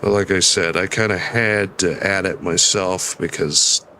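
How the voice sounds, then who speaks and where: A man's voice: low voice, steady tone, unhurried, sharp tone, slight background noise. Tired, mumbling young man. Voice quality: nasal. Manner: mumbling, rambling, self-deprecating. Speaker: streamer. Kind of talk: casual gameplay commentary.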